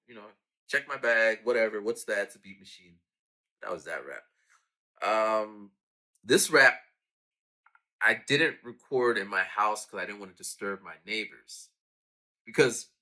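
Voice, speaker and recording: A man with a low-pitched, bright and forceful voice talks casually about his raps. He acts out sound effects and quoted lines as he goes. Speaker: rapper talking about his own songs. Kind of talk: casual storytelling.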